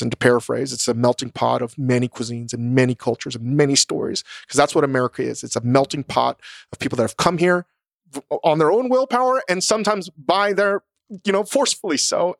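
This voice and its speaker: A blunt, emphatic man talks casually on a podcast, swearing freely. His voice has a gravelly, rough texture at a middle pitch. The recording is dry and close. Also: no echo. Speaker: podcast co-host, chef. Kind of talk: casual chat.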